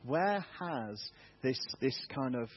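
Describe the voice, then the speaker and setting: A man's voice: medium pitch, animated, slow, slightly rough, lo-fi sound. An English man, a church elder, giving a candid, self-deprecating testimony sermon in a church. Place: church hall.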